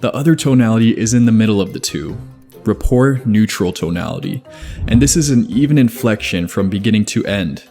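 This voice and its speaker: A man narrating a scripted video essay in a measured, even explanatory way. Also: on the low side. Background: faint background music.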